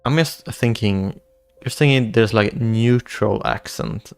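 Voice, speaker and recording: A young man's fairly low voice, gravelly yet smooth, drifts slowly through a casual livestream as he reads chat aloud. He stumbles into repeated words and restarts, with faint background music playing.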